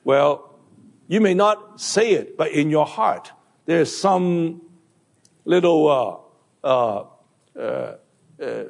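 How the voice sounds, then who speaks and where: A man preaching a sermon, halting with fillers and restarts. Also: a little high, lively intonation, creaky. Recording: long hall reverb.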